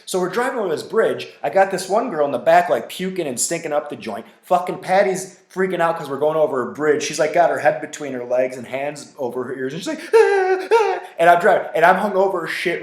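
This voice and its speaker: A man hosting a podcast, telling a story casually in a loose, profane, animated way with lots of fillers. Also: mid-range voice. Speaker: podcast host. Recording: roomy echo.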